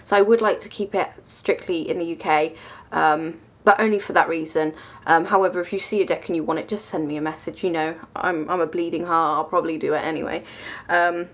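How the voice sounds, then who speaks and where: A woman's voice: low-pitched, steady tone, fairly quick, hardly any pauses. Chatty, rambling woman vlogger. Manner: chatty and rambling, self-mocking, many ums. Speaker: tarot deck reviewer. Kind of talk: casual vlog review.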